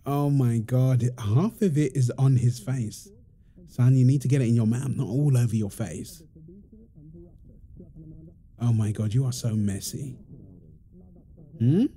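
Dark-voiced man in whispered role-play. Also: mid-range voice, a little hiss or hum. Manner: teasing, playful baby talk. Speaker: audio role-play performer.

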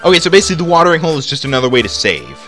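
A man's voice: a little high, wildly swooping pitch, racing, a bit bright, faint music behind. A man giving casual, rambling commentary while playing a video game. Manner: rambling, chatty, lots of "like" fillers. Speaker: let's play host.

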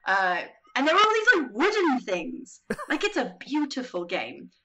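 A woman's voice: high voice, moderate pace, very noisy. A woman guest on a podcast telling a story in casual chat, acting out the quotes and saying "like" a lot. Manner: animated, acts out quotes, frequent "like". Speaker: podcast guest, games writer.

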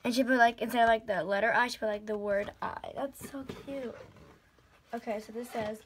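A young woman filming an excited unboxing vlog, gushing and bubbly, with lots of "like" and "literally". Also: a little high, a little fast, background noise. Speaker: vlogger.

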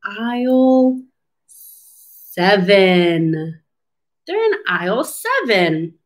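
Woman speech therapist reading a storybook to kids, very slow, lively melodic pitch, encouraging. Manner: slow, encouraging, asks the listener questions. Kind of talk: children's storybook read-aloud lesson.

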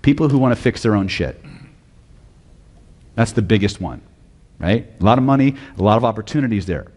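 A man's voice: on the low side, expressive, fairly quick, a little mellow, long reverb tail. A man teaching hypnosis at a live seminar, blunt and profane, often quizzing the audience. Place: lecture hall with audience.

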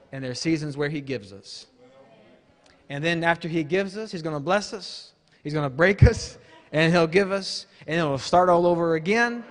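High-voiced man preaching in a reverberant hall. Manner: emphatic, rises to shouts, conversational asides. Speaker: guest preacher. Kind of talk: sermon. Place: church hall. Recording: long church hall reverb.

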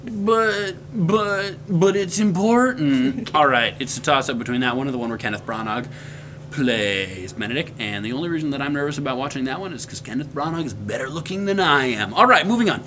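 A man's voice: mid-range voice, lively intonation, quick pace, sharp tone, a little hiss or hum. A young man hosting a scripted comic vlog, talking in a playful, mock-formal way. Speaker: web series character host.

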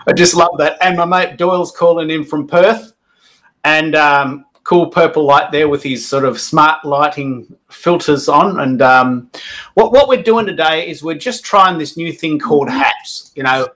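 A man's voice: a little high, unhurried, a bit bright. Meet an upbeat Australian man hosting a live stream with a slightly raised voice. He chats in a rambling, friendly way and often restarts his sentences. He welcomes guests and talks casually.

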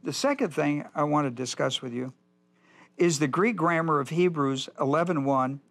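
A man's voice: fairly high pitch, normal speed, fairly bright tone. An older man teaching a Bible study as pastor, folksy and digressive, often repeating himself. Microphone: whiteboard lecture in a church.

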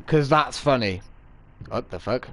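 A man's voice: medium pitch, lively intonation, measured pace, a bit bright. A man commentating a horror game, jumpy and swearing a lot with nervous yelps and laughs. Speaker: gaming video host. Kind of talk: let's play commentary.

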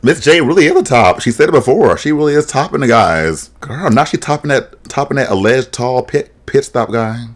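Animated man reacting, lively pitch. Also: a little fast, hardly any pauses. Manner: animated, exclaims and mimics voices. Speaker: drag reaction vlogger. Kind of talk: casual reaction commentary.

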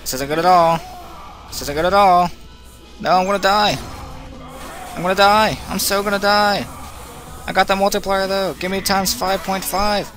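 A man with a fairly high voice gives running commentary on a video game he is playing. He is excitable, yelling orders at the character and cheering when things go well. Loud game music plays behind him the whole time. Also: moderate pace, pauses often. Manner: excitable, talks to the game character, swings between groans and cheers. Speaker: let's play commentator. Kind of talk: casual gameplay commentary.

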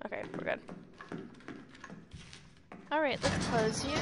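Woman streamer, excitable and foul-mouthed, higher lively voice, noisy mic. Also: fairly quick, vocal fry, pauses often. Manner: excitable, shouty, swears a lot. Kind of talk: live gameplay chat.

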